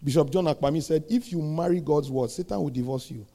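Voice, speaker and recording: Pastor preaching, gravelly voice. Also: male voice, on the high side, fast. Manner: preaching with call-and-response questions, building to shouted peaks. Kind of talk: sermon.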